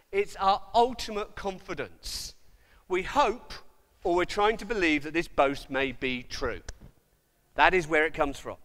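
Animated high-voiced preaching man, echoey hall. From Wales. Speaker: pastor. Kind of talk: sermon. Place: church.

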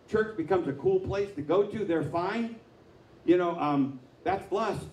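Echoey, mellow-voiced male pastor preaching. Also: on the high side, slight background noise. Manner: conversational storytelling, acting out quotes. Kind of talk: sermon. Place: church sanctuary. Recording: echoey room, mic from far off.

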